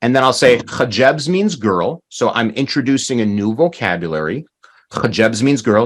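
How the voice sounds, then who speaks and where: A man teaching an online language class, modeling words slowly and emphatically and repeating phrases for learners. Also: mid-range voice, expressive.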